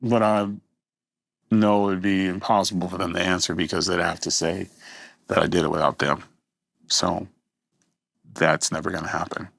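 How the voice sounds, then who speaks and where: Deep gravelly man speaking frankly. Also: flat delivery, moderate pace, pauses often, fairly bright tone, no room sound. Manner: frank, casual, swears. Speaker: guest. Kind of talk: candid interview.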